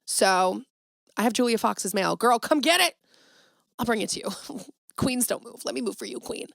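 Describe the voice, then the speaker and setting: A woman hosting a casual solo podcast, talking dramatically and swinging from loud exclamations to hushed asides. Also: fairly high pitch, expressive, normal speed, creaky, no echo, studio quality. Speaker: podcast host.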